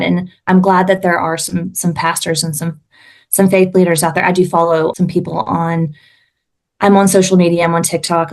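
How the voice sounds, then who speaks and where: A woman's voice: on the low side, vocal fry. A woman from Alabama, a podcast guest talking passionately and often restarting her sentences. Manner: impassioned, frequent restarts. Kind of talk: casual conversation.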